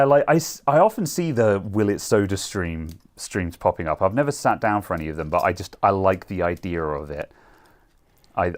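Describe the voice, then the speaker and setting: A man with a very low voice co-hosts a relaxed tech chat. He rambles through his stories, full of fillers and quick laughs. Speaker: co-host. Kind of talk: casual chat.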